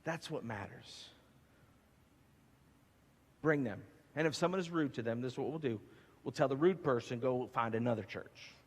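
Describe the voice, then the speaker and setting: A man preaching a sermon as pastor, emphatic and animated with playful asides, in a church sanctuary. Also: mid-range voice, normal speed, long pauses, slightly rough. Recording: long hall reverb.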